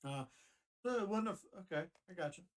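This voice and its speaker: A man's voice: high voice, expressive, a little fast, fairly bright tone. Easygoing man hosting a chat. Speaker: podcast host. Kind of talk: casual chat.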